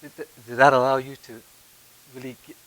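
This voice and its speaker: A man interviewing a guest, asking short, unhurried prompting questions. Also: medium pitch, flat delivery, pushed and bright, poor audio. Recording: clear hiss on an old video recording.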